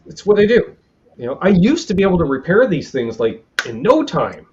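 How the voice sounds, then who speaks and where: A man's voice: high-pitched, very animated, fairly quick, slight background noise. Salty rambling man on a lo-fi stream. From Canada. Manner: salty, rambling storyteller who acts out quotes. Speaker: livestream host. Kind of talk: casual livestream chat. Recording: dull lo-fi stream audio.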